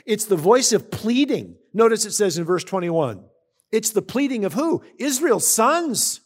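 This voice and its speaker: A pastor with a high-pitched, very animated voice speaks a little slowly as he teaches a sermon. He reads scripture aloud between comments, explaining it conversationally and often putting questions to his listeners.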